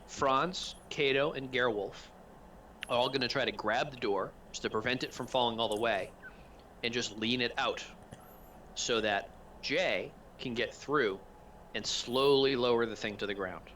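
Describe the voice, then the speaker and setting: A man acting as game master for a tabletop game, talking over a gaming headset in a relaxed way, explaining things step by step. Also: medium pitch, measured pace, a little hiss or hum.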